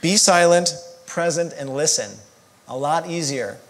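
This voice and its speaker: A man with a slightly high voice co-teaches a church marriage class. He talks casually, joking and teasing his listeners as he goes. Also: a little slow. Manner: jokey, casual, self-deprecating. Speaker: marriage counselor.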